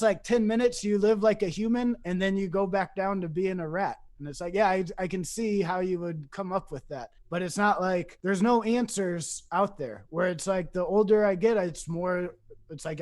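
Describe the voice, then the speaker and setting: A man's voice: high voice, a little mellow. A man from East Saint Louis, a podcast guest in casual chat, telling long rambling stories and acting out the voices he quotes.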